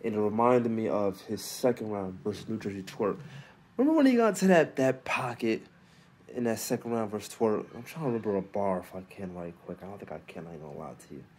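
A man hosting a casual solo recap, talking in loose slang with lots of restarts, fillers and quiet asides. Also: on the low side, expressive, quick pace, breathy edge. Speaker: battle rap recap host.

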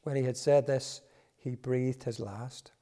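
A man reading a Bible passage aloud in a church service, measured and solemn. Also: medium pitch, steady tone, mellow. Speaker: scripture reader.

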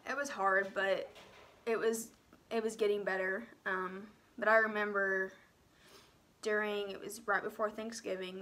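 Young woman, personal vlog storytelling, emotional and near tears, halting, soft near-whisper, crisp bright tone. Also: mid-range voice. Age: young adult. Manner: frequent "um" and "like" fillers. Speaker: vlogger telling her own story.

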